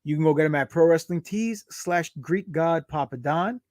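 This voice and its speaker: A man's voice: a little high, moderate pace, a little mellow, no echo. A man from the United States talking as an interview guest, brash and joking, swearing freely. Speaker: guest, pro wrestler. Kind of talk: casual interview chat.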